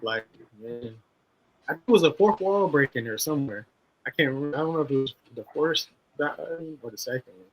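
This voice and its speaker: Husky-voiced man on a podcast. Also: a little high, a little fast, low-quality recording. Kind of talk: casual podcast chat.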